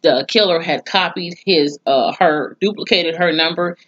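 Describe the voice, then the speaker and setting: A woman's voice: on the low side, moderate pace, fairly bright tone, muffled recording. A woman giving a blunt, chatty recap of a TV episode, swearing freely and reacting with mock disgust. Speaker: TV episode reviewer. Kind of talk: casual spoken recap.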